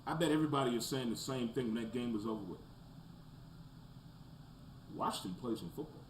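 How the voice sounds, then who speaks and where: Animated man ranting about football, roomy echo. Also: fairly quick. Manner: animated, swings from loud rants to low mutters. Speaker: sports talk show host. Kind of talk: casual sports commentary. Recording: roomy echo, faint background noise.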